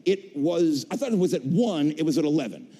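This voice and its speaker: A middle-aged man telling his career story on a convention stage, an animated storyteller who acts out voices and jokes. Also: fairly high pitch, fairly quick, husky. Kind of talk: stage talk to a convention audience. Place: large convention hall stage. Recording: long hall reverb.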